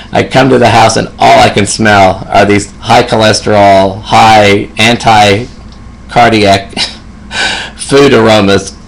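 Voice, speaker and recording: Gravelly low-voiced man in his fifties telling stories. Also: poor audio. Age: 50s. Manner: reflective, laughs often, warm-humored. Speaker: hospice nurse. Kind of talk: personal storytelling.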